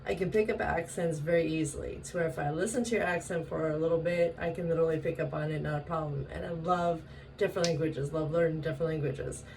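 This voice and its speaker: Woman, casual vlog storyteller, low voice, mic a bit distant, faint background hiss. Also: quick pace, creaky. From Washington state. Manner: chatty, animated, laughs often, acts out quoted voices. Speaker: vlogger.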